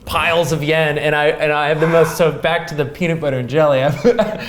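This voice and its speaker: A man in his thirties, a guest in a casual interview, telling a story in a lively way with many fillers. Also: on the high side, a little fast, a little hiss or hum. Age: 30s. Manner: animated, laughing, filler-heavy storytelling. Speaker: guest, pro snowboarder.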